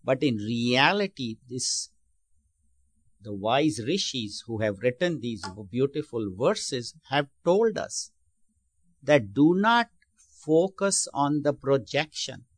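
A man's voice: medium pitch, very animated, slow, no echo. Man giving a dry-voiced sermon. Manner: explanatory, asks the audience questions; repeats and restarts phrases. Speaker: spiritual teacher.

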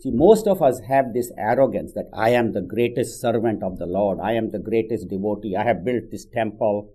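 This spiritual teacher's voice is on the low side and warm, moving at a normal speed. He gives a conversational sermon built around a story, often adding "you know," and the audio is poor.

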